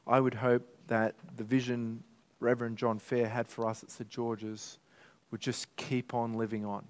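Earnest pastor preaching. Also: male voice, on the low side. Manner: earnest, emotional, rises to emphatic peaks. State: tearful at times. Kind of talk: sermon.

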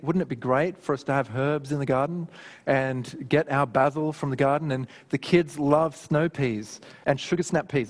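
A man preaching a sermon in a conversational, animated way, with personal stories. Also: fairly high pitch. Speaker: pastor. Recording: long hall reverb.

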